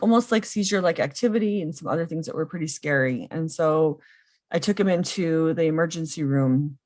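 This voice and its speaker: A woman in her thirties telling a personal story earnestly, often pausing with ums. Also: low voice, darkish tone. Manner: earnest and emotional, with frequent ums. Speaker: podcast guest, foster and adoptive mother.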